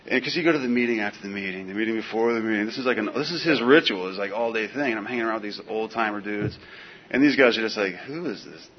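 A man telling a personal story in casual, animated speech, full of "dude" and "man". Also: mid-range voice. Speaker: guest telling his recovery story. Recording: dull lo-fi recording with faint hiss.

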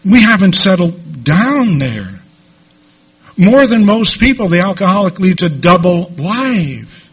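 A middle-aged man telling his own recovery story to a group, candid and lively, with asides to the listeners. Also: sits high, slow pace, slightly rough. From New York. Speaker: recovery speaker. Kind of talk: personal recovery talk to a group.

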